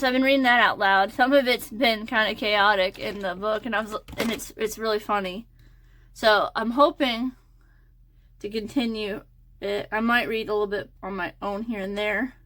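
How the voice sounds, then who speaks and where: A woman's voice: medium pitch, a bit bright. A young woman talking in a casual, hesitant ramble full of fillers while getting ready. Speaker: crochet and design vlogger.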